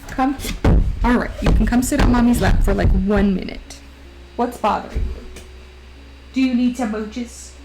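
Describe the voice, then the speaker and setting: A woman's voice: a little high, steady tone, moderate pace, music in the background, rough recording. A woman streamer chatting casually and giggling, often baby-talking to her dog. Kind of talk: casual chat.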